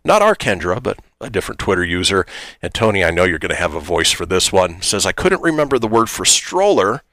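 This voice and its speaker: A man's voice: deep voice, a little fast, no room sound. A man hosting a casual morning radio show, reading listener posts aloud and joking about them. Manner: lively, reads listener posts aloud with jokes.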